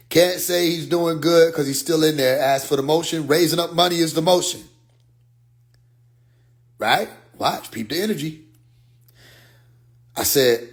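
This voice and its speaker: A man's voice: fairly high pitch, normal speed, long pauses. A man telling a long story in casual speech. He acts out both sides of the conversation, swears freely and gets worked up. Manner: animated, profane, quotes others in dialogue.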